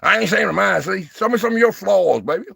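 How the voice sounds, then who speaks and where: Gravelly sixty-something man hyping his livestream. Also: sits high, animated, a little fast, no echo, clean studio sound. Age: 60s. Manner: folksy preacher-like encouragement, calls viewers baby and brother; playful, gets loud and fired up with viewers. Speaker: livestream host. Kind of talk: casual live-stream chat with viewers.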